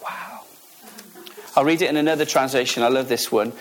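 A man's voice: medium pitch, steady tone, normal speed. A man preaching a sermon, emphatic, asking the audience questions and repeating key phrases.

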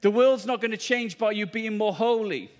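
Man, preacher, high voice, fervent, repetitive, exclaiming, charismatic sermon. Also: normal speed.

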